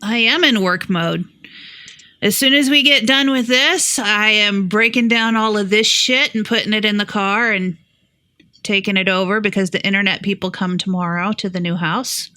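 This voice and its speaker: A woman's voice: medium pitch, fairly even intonation, moderate pace, pushed and bright, dry recording. A woman co-hosting a comedy podcast, telling a story in a profane, exasperated, casual way. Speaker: podcast co-host.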